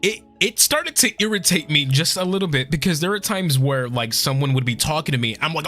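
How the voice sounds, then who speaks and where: A man's voice: fairly high pitch, lively intonation, fairly quick, hardly any pauses, sharp tone. A young man streaming casual chat, tearful and swearing a lot as he thanks his viewers.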